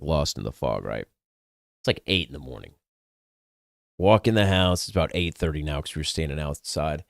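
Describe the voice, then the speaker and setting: A man's voice: low voice, clean tone, no room sound, clean studio sound. A young adult man, casually telling a personal story in a candid, crude, self-mocking way, swearing freely. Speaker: podcast host.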